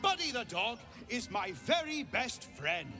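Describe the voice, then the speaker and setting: A man's voice: very high voice, very animated, a little slow, bright, forceful tone, soft background music, full character voice. A man voicing a cheery male clown in a game, telling puns in a sing-song, gleeful way.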